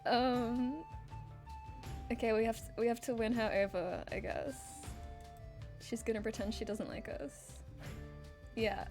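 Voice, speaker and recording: Chatty, giggly woman streamer, somewhat high voice, lots of fillers. Faint game music behind. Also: little pitch movement, slow, pauses often, darkish tone. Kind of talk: casual game livestream chat.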